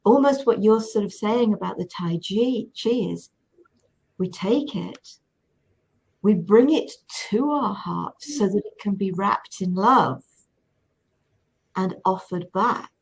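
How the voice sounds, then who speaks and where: A woman co-hosting a spiritual talk show reflects aloud in an unhurried way. Her voice is slightly husky, and her pace is slow and considered. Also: medium pitch, lively intonation, low-quality recording. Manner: thoughtful, reflective. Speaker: podcast co-host. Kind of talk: reflective conversation.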